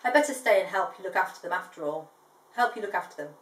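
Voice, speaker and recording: A woman's voice: fairly low pitch, expressive, fast talker, fairly bright tone. Bossy mother emu, firm storybook voice, by a woman, distant mic. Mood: proud. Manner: bossy, demanding. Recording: echoey room, distant mic.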